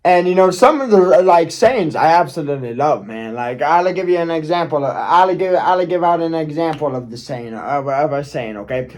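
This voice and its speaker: A man's voice: fairly high pitch, animated, normal speed, hardly any pauses, darkish tone. A man telling a personal story on his video channel, rambling and often checking in with "okay?". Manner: rambling, keeps asking "okay?", restarts, swears. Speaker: YouTuber. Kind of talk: casual storytelling vlog.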